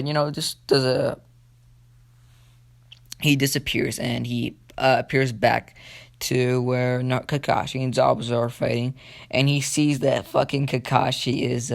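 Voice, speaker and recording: Rambling creaky-voiced guy telling a story. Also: medium pitch. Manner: rambling, profane, many fillers. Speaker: fan-fiction storyteller. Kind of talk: casual storytelling.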